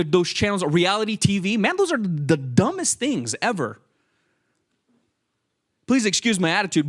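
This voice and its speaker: A young man giving a lively, casual sermon, acting out voices and joking with the listeners. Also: high voice. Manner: animated, acts out quoted voices, jokes with listeners. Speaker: youth speaker.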